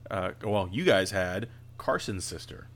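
A man co-hosting a casual podcast, animated and joking, quick to laugh. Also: low voice. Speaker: podcast co-host.

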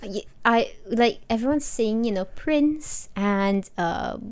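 A woman's voice: fairly high pitch, lively intonation, slow pace, a little mellow, clean tone. A young woman co-hosting a podcast in casual chat, chatty and rambling with lots of "like" and "you know". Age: young adult. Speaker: podcast co-host.

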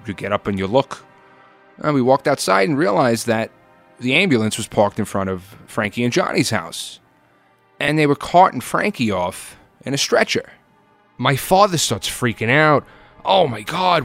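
A man in his thirties telling a personal story in a conversational way, often dropping low and soft at the ends of phrases. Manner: conversational, drops to a low aside at line ends.

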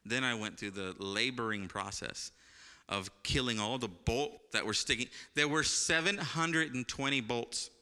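A male pastor tells a personal story from the pulpit, acting out the voices of the people in it before dropping into hushed reverence. His voice is very bright and crisp. The sound carries the long echo of a church hall. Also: mid-range voice, measured pace. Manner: animated storytelling, acts out voices, laughs often, turns quiet and reverent. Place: church sanctuary.

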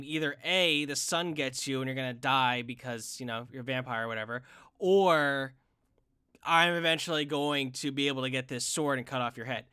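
A man in casual chat, excitedly retelling a fight scene with many restarts, fillers and stumbles. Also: a little high, clear, resonant tone, dry recording, studio quality. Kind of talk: casual chat reviewing an anime film.

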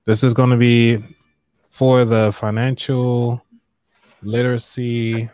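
A man hosts a live-stream money show in a loose, easygoing way, clearing his throat and reading aloud from a book. His voice is mid-pitched and sits dry and close, with little room sound. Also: little pitch movement, takes it slowly, a little mellow, no echo.

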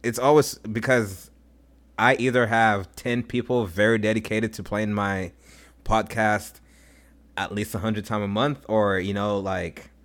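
A man's voice: on the low side, steady tone, unhurried, fairly bright tone. A man co-hosting a podcast, talking in a loose, reflective way with many fillers. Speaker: podcast co-host. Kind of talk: casual chat.

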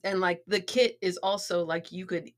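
A woman's voice: lowish voice, steady tone, normal speed. A middle-aged woman co-hosting a podcast in casual chat, rambling with lots of "like" and restarts. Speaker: podcast co-host.

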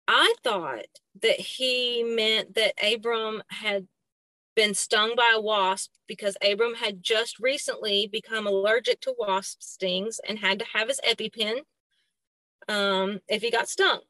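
A middle-aged woman with a Southern accent, a podcast guest telling a personal story in a halting way, with many fillers and restarts, acting out the dialogue she quotes. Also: medium pitch, steady tone, bright, forceful tone, no room sound.

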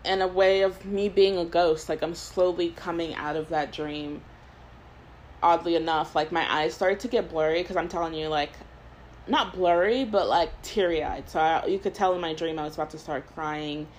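A woman's voice: fairly low pitch, fairly even intonation, moderate pace, a little hiss or hum, low-quality recording. A woman in her twenties hosting a podcast, telling a long story in casual chat, rambling with lots of "like" and laughing between thoughts. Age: 20s. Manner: rambling storyteller, heavy use of "like". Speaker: podcast host.

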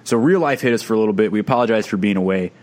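A man's voice: fairly low pitch, darkish tone. Laid-back male gaming podcast host. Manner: easygoing, upbeat, quick asides. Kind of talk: casual gaming podcast chat.

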